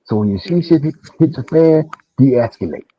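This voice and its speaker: Animated man on a dull call line. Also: moderate pace. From Detroit. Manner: animated, rising to a high pitch when venting. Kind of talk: casual panel discussion. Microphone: online call mic. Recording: dull, lo-fi online call audio.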